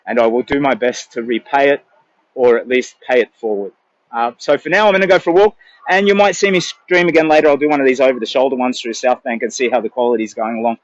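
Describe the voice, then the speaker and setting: A man's voice: medium pitch, fairly even intonation, fast talker. An older Australian man talks to his phone camera outdoors, rambling and emotional, often restarting his sentences. The sound is dull and lo-fi, and dry with no room echo. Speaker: charity walker vlogger. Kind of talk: casual live-stream chat. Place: outdoors in a city.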